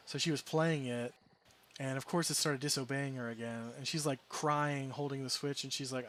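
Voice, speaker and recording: A man's voice: mid-range voice, steady tone, normal speed, fairly bright tone. Rambling, amused man telling a story. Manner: rambling, self-correcting, amused. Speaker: game streamer. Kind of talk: casual storytelling chat.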